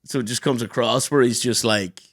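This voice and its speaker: A young man, co-hosting a podcast in a studio and telling stories in lively casual chat, swearing freely. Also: mid-range voice, a little fast, dry recording. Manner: animated storyteller, swears freely, does loud voices. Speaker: podcast co-host.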